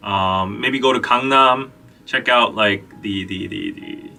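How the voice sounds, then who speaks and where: A man's voice: lowish voice, slow pace, creaky, pushed and bright, far from the mic, faint music behind. Rambling casual male podcast host. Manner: rambling, filler-heavy, reads chat questions. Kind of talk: casual live-stream chat.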